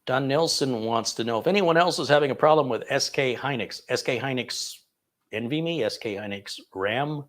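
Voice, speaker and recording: A man's voice: medium pitch, normal speed, fairly bright tone. Chatty man answering tech questions. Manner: chatty and digressive, self-amused. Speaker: tech channel host answering viewer questions. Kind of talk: casual live Q&A.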